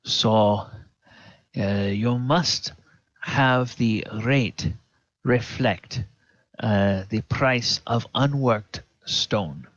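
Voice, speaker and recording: A man's voice: mid-range voice, a bit bright, no echo, lo-fi sound. A man doing a thick-accented dragonborn merchant lady. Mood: demanding. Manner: measured, insistent dictation. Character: haughty female dragonborn merchant, demanding.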